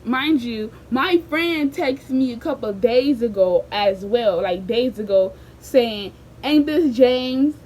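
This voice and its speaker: Young woman vlogger, lively slangy storyteller with sudden loud bursts; slightly high pitch, faint background hiss. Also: low-quality recording. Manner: animated, slangy, jumps into quoted voices and loud outbursts. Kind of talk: casual storytime chat.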